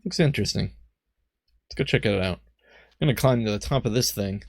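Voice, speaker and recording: A man's voice: lowish voice, brisk, gravelly, dry recording, clean studio sound. A man giving playful, self-mocking commentary while playing a game. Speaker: let's play gamer. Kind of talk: casual gameplay commentary.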